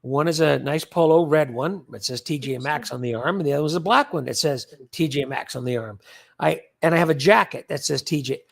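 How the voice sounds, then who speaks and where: An older man hosts a casual livestream, reading viewer comments and rambling with repeated words. His voice sits high for a man and has a gravelly edge. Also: fairly bright tone. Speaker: livestream host.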